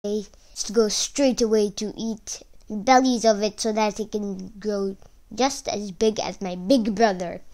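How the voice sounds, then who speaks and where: A woman voicing a middle-sized male billy goat in a storybook reading, a little lower than the smallest goat. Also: fairly even intonation, a little slow, a little mellow, close to an everyday voice. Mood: eager. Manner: slightly lower than his little brother.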